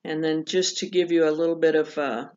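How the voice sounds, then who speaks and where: A woman teaching pronunciation in a recorded lesson, patiently walking through examples and repeating each one slowly. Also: sits low, fairly even intonation, a little mellow. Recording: dull lo-fi recording.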